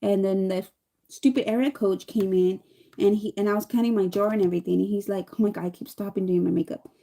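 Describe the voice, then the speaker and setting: A woman's voice: medium pitch, fast, vocal fry. A woman in her thirties chatting casually while doing her makeup, telling a rambling story and acting out the lines of the people in it. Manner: chatty, rambling, animated quoting. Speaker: vlogger.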